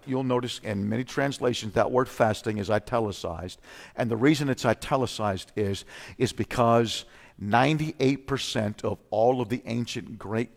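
A male preacher delivering a fervent sermon, swinging from loud outbursts to low, intense teaching, often clearing his throat. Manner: frequent throat clearing and repeated "come on now". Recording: long reverb of a large hall.

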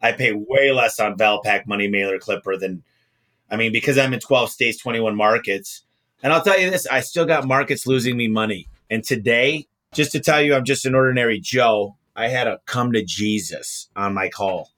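A man's voice: medium pitch, normal speed, pushed and bright. A man talking bluntly and emphatically as a guest, a home service business owner speaking in a casual podcast conversation.

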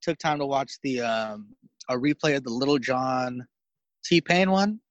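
A man's voice: medium pitch, unhurried, dull audio. A man in casual chat, joking around and laughing often.

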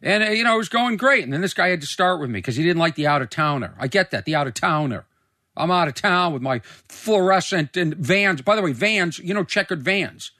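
Lively man telling stories, lots of ums. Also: high voice, brisk, no echo, clean studio sound. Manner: rambling, animated, with many fillers and restarts. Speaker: comedian podcast host. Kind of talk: casual storytelling monologue.

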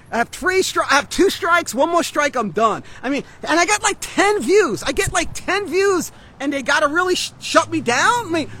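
A man's voice: very high voice, sharp tone. A man vlogging outdoors on a city street, ranting in an agitated, rambling way with frequent swearing and restarts. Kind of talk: street vlog rant.

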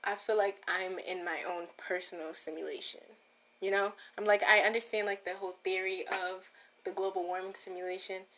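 A woman's voice: medium pitch, flat delivery, moderate pace, a bit bright. A woman hosting a casual solo podcast, rambling and breaking off her own sentences as she talks straight to her listeners. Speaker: podcast host.

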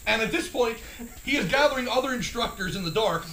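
A man telling a firefighting training story in casual chat, swearing often and acting out quotes loudly. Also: extremely high pitch, fast talker, roomy sound. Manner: profane, excitable, acts out quotes loudly.

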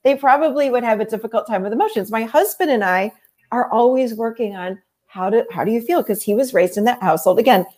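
A middle-aged woman therapist explaining her ideas in an interview, animated and explanatory, often acting out what people say. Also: fairly high pitch, quick pace. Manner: animated, explanatory, acts out quotes. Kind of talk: conversational interview.

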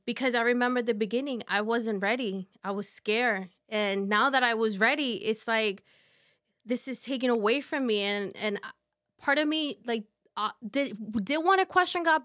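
Halting higher-voiced woman guest. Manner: halting, soft storytelling with many fillers. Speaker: podcast guest. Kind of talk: casual conversation.

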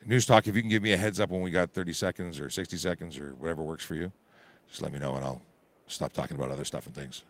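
A hoarse man, a police constable from Canada, explaining traffic rules informally on a live radio call-in from a busy auto show. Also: low voice, steady tone, fast talker.

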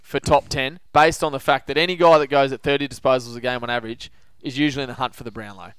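An Australian man hosts a casual footy betting chat, pushing his tips with confident, lively banter. His voice is smooth and resonant. The sound is close and dry, with no room around it. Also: mid-range voice, fast talker, no room sound. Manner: confident, animated tipster banter. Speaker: podcast host.

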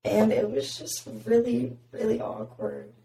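Raspy young woman podcast host, rambly casual chat, kinda far from mic in an echoey room. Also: on the high side, wildly swooping pitch, a little slow, mellow. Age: young adult. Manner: chatty, heavy filler "like". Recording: roomy, distant mic.

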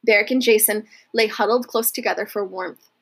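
A woman reading a historical novel aloud at a steady, measured pace. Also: medium pitch, vocal fry, slightly rough. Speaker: narrator.

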